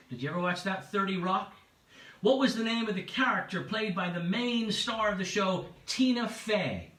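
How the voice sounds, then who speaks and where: A chatty male quiz host with a high, bright voice and lively ups and downs, reading questions twice and chuckling at his own asides. He sounds a little distant from the mic in a roomy, echoing space. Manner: chatty, repeats each question, laughs at own jokes. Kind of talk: livestreamed pub quiz hosting. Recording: echoey room, away from the mic.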